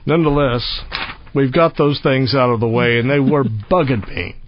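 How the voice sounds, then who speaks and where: A man's voice: medium pitch, moderate pace, slight background noise. A man hosting a radio interview, talking in a rambling, folksy, joking way. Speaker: radio host. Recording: slightly muffled radio sound.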